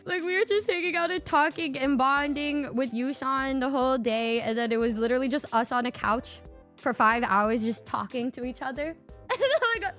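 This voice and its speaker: A young woman with a very high, bright voice recounts a trip story to friends. She talks excitably, breaks into laughter often and swears freely. Faint music sits under her voice. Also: moderate pace. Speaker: streamer. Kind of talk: casual storytelling.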